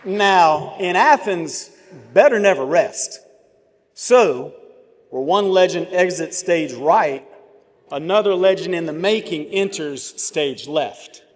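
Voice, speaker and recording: A man, giving a commencement address with measured oratory, dramatic pauses and vivid storytelling. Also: a little high, animated. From Georgia, US. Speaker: commencement speaker. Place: large ceremony venue. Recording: long reverb of a large venue.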